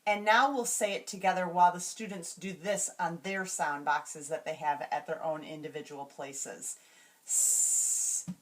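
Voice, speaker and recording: A woman explaining classroom reading routines to teachers, slowly and carefully, and modeling each word sound by sound. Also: on the low side, steady tone. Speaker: teacher trainer.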